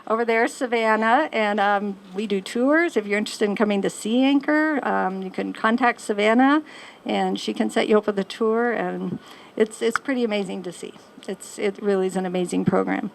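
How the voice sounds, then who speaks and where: Gravelly woman making a casual announcement. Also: mid-range voice, moderate pace, rough recording. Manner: casual, warm about the program.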